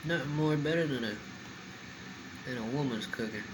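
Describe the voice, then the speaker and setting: A medium-pitched man eats on camera at a slow pace, chatting casually with his mouth full in a mukbang-style eating vlog. Noise is audible in the background.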